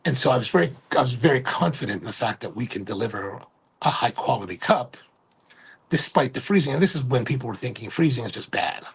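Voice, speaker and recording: Gravelly, husky middle-aged man rambling. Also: mid-range voice, expressive, fast talker. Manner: rambling, self-correcting, keeps asking "right?". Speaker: livestream host and coffee retailer. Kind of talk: casual livestream chat.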